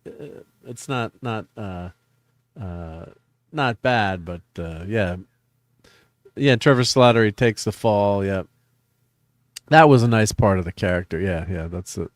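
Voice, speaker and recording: A man's voice: on the low side, expressive, a little slow, pauses often, dry recording, studio quality. A man hosting a live stream, chatting casually about a show, hesitant, with many fillers, restarts and chuckles. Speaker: podcast host.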